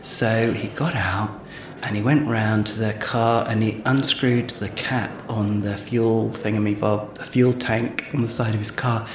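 A man's voice: lowish voice, fairly even intonation. A man co-hosting a podcast, chatty and giggly, telling a long joke. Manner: chatty, giggly, drawn-out storytelling. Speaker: podcast co-host. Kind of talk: playful comedy banter and joke telling. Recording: echoey room with faint noise.

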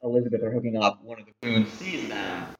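A man's voice: on the low side, steady tone, fast. A man casually recapping a film's plot, rambling with many fillers and restarts. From not from London. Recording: dull, distant mic.

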